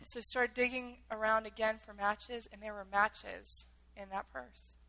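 Bright-voiced woman telling a gripping story. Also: fairly high pitch, fairly even intonation, unhurried, rough recording. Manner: vivid, emotional retelling with acted-out quotes. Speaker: speaker telling a personal story. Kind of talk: dramatic personal storytelling.

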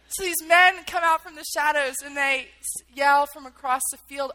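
Bright-voiced woman telling a gripping story. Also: high voice, normal speed, few pauses, low-quality recording. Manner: vivid, emotional retelling with acted-out quotes. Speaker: speaker telling a personal story. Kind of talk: dramatic personal storytelling.

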